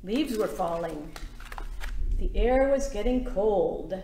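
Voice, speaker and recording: A woman's voice: medium pitch, lively intonation, warm tone, roomy sound. Librarian lady doing storytime, singsongy, draws words out, faint hum behind. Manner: slow, sing-song, inviting children to join in. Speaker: children's librarian hosting storytime. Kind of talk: reading a picture book aloud to children.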